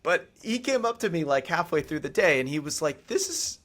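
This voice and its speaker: A man's voice: a little high, lively intonation, brisk, fairly bright tone. A man hosting a podcast, chatting casually and laughing along with a guest's story. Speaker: podcast host. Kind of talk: casual chat. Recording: noisy background.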